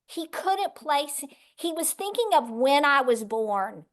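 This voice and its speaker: A middle-aged woman from West Texas, guesting on a podcast and telling her story with animated voices for the people in it. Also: high voice, takes it slowly.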